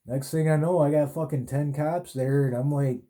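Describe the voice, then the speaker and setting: An aggrieved, hulking male inmate, as a storyteller puts him on, hot with indignation. His voice sits higher than the teller's own and stays dark. The words come out heated and full of swearing. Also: fairly even intonation, moderate pace, lightly acted. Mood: indignant.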